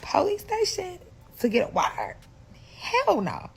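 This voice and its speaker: A woman from St. Louis telling a personal story to her viewers in a casual storytime vlog, animated and full of profanity. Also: extremely high pitch, takes it slowly, vocal fry. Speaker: storyteller vlogger.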